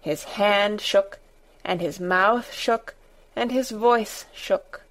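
A woman narrating a storybook in a deliberate, expressive reading. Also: medium pitch, rough recording. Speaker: audiobook narrator.

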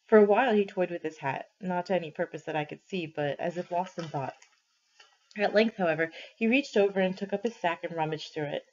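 A teacher reading a first-person novel aloud for a class, measured and deliberate, pausing for study questions, on a dull lo-fi recording. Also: mid-range voice, a little mellow.

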